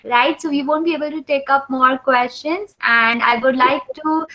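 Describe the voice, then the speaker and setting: A woman's voice: high voice, steady tone, normal speed, sharp tone. A woman moderating a webinar question session, speaking politely and formally. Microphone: video call. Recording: dull webinar audio.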